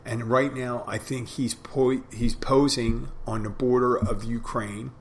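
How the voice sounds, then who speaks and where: A man's voice: medium pitch, flat delivery, measured pace, slight background noise. A middle-aged man hosting a podcast, talking through a reflective, rambling monologue with frequent restarts. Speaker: podcast host. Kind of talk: casual monologue.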